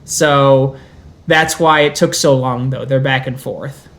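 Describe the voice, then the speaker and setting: A man's voice: mid-range voice, steady tone, slow, gravelly, a bit bright. A man running a tabletop game as game master, narrating scenes and slipping into character voices. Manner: storytelling, slips into character voices.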